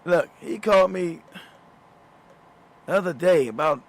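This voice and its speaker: A man's voice: high voice, animated, measured pace. A middle-aged man hosting a talk show, telling a story casually, often laughing, swearing and repeating words. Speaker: show host.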